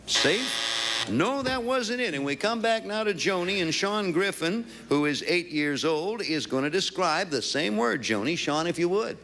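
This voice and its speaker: A man's voice: high voice, expressive, measured pace, sharp tone, slight background noise. A man hosting a television game show, joking and bantering with the contestants. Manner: playful, quipping banter. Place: TV studio with audience.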